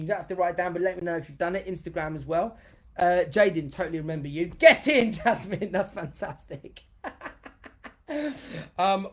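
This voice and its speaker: A man, a dance educator hosting a live-streamed motivational workshop, chatty and energetic, reading viewer comments aloud as he goes. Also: sits high. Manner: bursts into loud cheers for emphasis.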